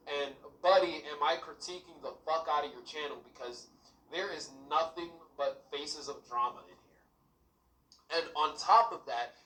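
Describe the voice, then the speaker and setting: A man's voice: fairly high pitch, a little slow, pushed and bright, reverberant, recorded from a distance, low-quality recording. Blunt, cursing man in a played clip. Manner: blunt, profane, addressing the viewer directly. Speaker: small youtuber. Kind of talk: casual vlog rant.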